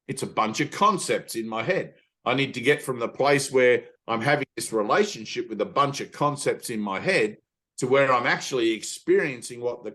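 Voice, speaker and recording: A man's voice: mid-range voice, a bit bright. Blunt, emphatic man teaching. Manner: emphatic and blunt, swears, acts out inner voices. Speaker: spiritual teacher. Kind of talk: informal spiritual talk to students.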